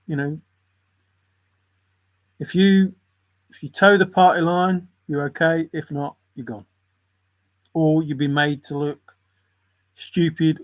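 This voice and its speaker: A man in a casual, rambling monologue, musing in a conspiratorial tone and often chuckling. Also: fairly high pitch. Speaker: channel host.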